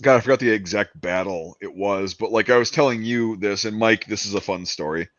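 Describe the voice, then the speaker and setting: A man in casual chat, telling a story with lots of energy and quick asides, acting out the people in it and swearing freely. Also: on the low side, no room sound. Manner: excited storyteller, acts out quoted soldiers, swears. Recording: dull lo-fi dry sound.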